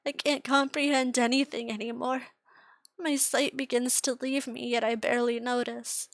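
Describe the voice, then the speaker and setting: Slow, anguished young woman storyteller. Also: fairly high pitch, no echo. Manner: slow, anguished delivery that drops to whispers. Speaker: author reading her own story. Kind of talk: dramatic first-person story reading.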